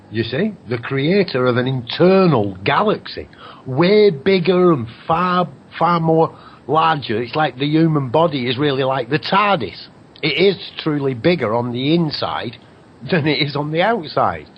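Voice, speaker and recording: A man's voice: medium pitch, highs cut off, a little hiss or hum. A man hosting a radio show, rambling through a spiritual monologue, swearing now and then and slipping into mocking voices for other people.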